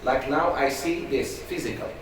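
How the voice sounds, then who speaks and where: This man, medium in pitch and moderate in pace, gives a conversational religious lesson and acts out the voices quoted in his stories. Noise and echo fill the recording, made from far away in a large room.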